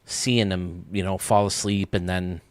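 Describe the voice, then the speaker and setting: A man with a lowish voice chats casually on a gaming stream, thinking aloud and rambling between ideas. He laughs often. The sound is dry and close to a desk mic. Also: little pitch movement, measured pace, no echo. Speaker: streamer and game designer host.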